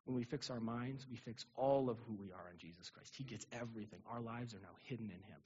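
A young adult male pastor giving a casual, animated sermon in a church, asking the congregation rhetorical questions. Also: mid-range voice, quick pace, muffled recording. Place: church sanctuary.

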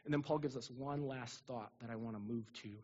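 A young adult male pastor giving a casual, animated sermon in a church, asking the congregation rhetorical questions. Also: medium pitch, fairly quick, slightly rough, highs cut off. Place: church sanctuary.

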